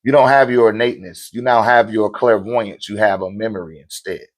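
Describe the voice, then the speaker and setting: A man's voice: fairly low pitch, a little fast. A man hosting a live stream, explaining spiritual ideas to viewers in loose, casual talk, often asking "right?" and chanting lists of names with rising energy. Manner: loose, conversational, with rhetorical check-ins; chants lists of names rhythmically, growing animated. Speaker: livestream host answering viewer questions on spirituality. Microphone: streaming mic.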